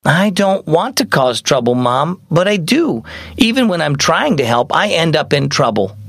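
A man's voice: fairly high pitch, sing-song, normal speed, gravelly, a bit bright, slightly rough, no echo, voice pushed up, exaggerated voice. A man doing an anxious young schoolgirl. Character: young schoolgirl, worried, eager to please.

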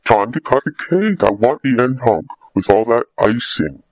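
A man's voice: medium pitch, animated, normal speed, dry recording. A man voicing a brash, greedy talking sweet tooth in a storybook, wisecracking and making impatient demands. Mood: pushy, greedy. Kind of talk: storybook character voice.

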